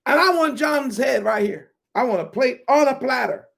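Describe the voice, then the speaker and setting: A preacher acting out an eager young princess who excitedly demands a grim prize, with a raised, shouting voice. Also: sits high, moderate pace, gravelly, heavily acted.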